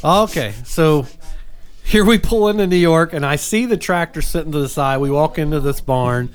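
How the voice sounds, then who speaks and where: Man, casual storytelling, fairly high voice, rambling with restarts. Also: normal speed. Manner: rambling, with many restarts and asides. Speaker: co-host telling a story.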